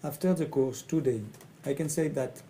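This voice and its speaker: A middle-aged man from France with a French accent, a coach speaking in halting English and often repeating his phrases. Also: mid-range voice, dark tone, low-quality recording. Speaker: coach and facilitator. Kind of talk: speaking to camera about his training.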